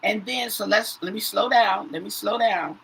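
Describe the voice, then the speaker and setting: A woman's voice: mid-range voice, moderate pace, creaky, fairly bright tone, breathy edge, rough recording. Chatty woman reading tarot cards. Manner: says "okay?" after nearly every phrase, repeats herself. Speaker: tarot reader. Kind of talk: casual tarot reading to viewers.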